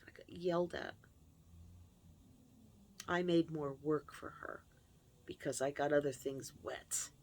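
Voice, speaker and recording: A woman's voice: deep voice, fairly even intonation, takes it slowly, pauses often. Candid woman telling a painful story. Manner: candid, emotional, reflective. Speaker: channel host. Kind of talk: confessional personal storytelling.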